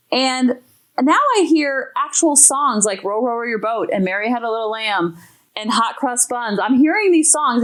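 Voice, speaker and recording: A woman hosting a parenting podcast, talking in an emphatic, enthusiastic way. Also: fairly high pitch. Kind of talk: podcast talk.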